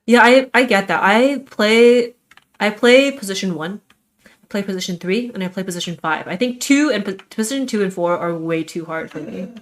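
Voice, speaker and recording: A woman's voice: medium pitch, normal speed. Chatty young woman streaming. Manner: chatty, rambling, self-deprecating. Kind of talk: casual stream chat.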